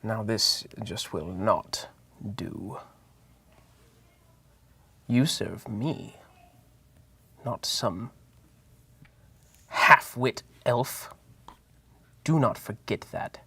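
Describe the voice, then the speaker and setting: Man voicing a hushed, possessive voice in the mind. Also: on the low side, expressive, very slow, long pauses, husky, heavily acted. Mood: cold, possessive. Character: mysterious commanding male presence speaking in the mind.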